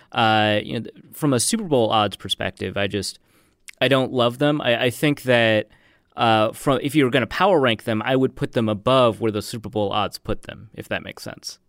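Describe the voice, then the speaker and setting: A man talking as a guest analyst on a sports show, measured and analytical, hedging his points. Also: lowish voice, a bit bright, smooth, no room sound, clean studio sound.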